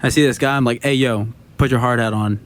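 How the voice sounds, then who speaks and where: A man's voice: mid-range voice, fast talker. A young man co-hosting a podcast, telling a work story casually and acting out the quotes, with a lot of swearing. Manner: animated anecdote-telling, acts out quotes, swears freely. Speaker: podcast co-host.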